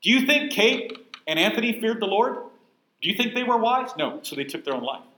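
A man's voice: sits high, sing-song, brisk, bright, forceful tone, reverberant, low-quality recording. A man teaching a Bible class in a conversational, emphatic way, often putting questions to his listeners. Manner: emphatic, asks the room questions.

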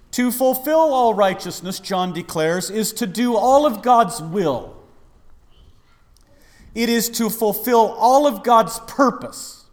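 A man's voice: high-pitched, expressive, takes it slowly. A man preaching a dramatic sermon in a church, acting out the voices of people in the story. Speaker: pastor. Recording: long reverb of a large hall.

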